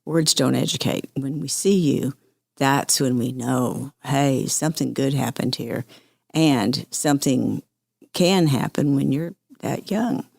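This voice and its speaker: Podcast host woman, low gravelly voice, attentive, keeps saying mm-hmm. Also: slow, a little mellow, no room sound, studio quality. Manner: attentive, frequent affirming murmurs. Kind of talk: interviewing.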